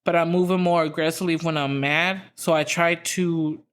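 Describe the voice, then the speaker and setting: A woman's voice: lowish voice, steady tone, moderate pace. A young adult woman hosting a podcast, telling a story in a casual, profane, rambling way full of fillers. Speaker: podcast host.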